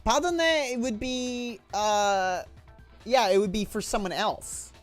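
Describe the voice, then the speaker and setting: A woman casually commenting on a game she is playing, excitable and profane, with quick asides. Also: on the high side, faint music behind. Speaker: let's play streamer.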